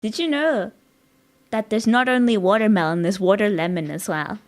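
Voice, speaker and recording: A woman's voice: medium pitch, normal speed. A woman streaming live, rambling in casual chat with her viewers and giggling often, her voice a bit strained. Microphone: dynamic studio mic.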